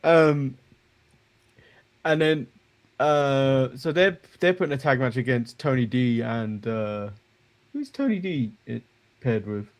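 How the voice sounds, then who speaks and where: A man's voice: mid-range voice, animated, slow, long pauses. A man co-hosting a casual wrestling review chat, rambling and joking, chuckling at his own remarks. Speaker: co-host.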